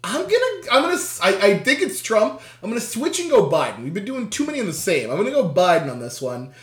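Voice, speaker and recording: A quiz host in casual chat, reading questions aloud, laughing often, swearing and reacting with loud dismay. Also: mid-range voice, huge pitch swings, quick pace. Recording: roomy echo.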